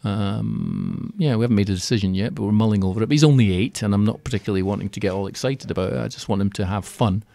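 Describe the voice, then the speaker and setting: A man talking as a guest in a radio interview, chatty and animated, acting out little quotes as he goes. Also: on the low side, quick pace, gravelly, few pauses. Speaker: radio guest, keynote speaker on property finance. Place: radio studio.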